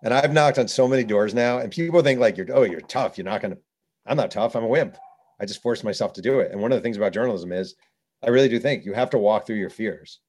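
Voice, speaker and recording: A man, an author and journalist, telling lively anecdotes as a guest in a conversation. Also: mid-range voice, quick pace. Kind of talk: conversational storytelling.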